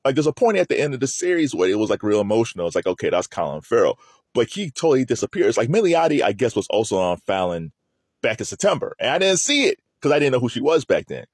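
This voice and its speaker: A man's voice: medium pitch, fast talker, husky, dry recording, studio quality. A man hosting a video, talking casually and laughing often as he chats to the camera. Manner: animated, laughs often, loose and chatty. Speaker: video host.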